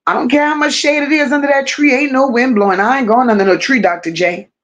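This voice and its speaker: A woman's voice: high-pitched, quick pace, muffled recording. A woman hosting a casual livestream, affectionately greeting viewers one by one and reading their comments aloud. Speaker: livestream host.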